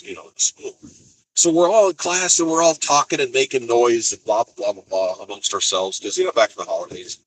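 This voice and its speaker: A man's voice: mid-range voice, slight background noise, poor audio. A man from Colorado who drives a truck, telling rambling stories in a chatty, casual vlog and laughing easily. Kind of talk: casual storytelling.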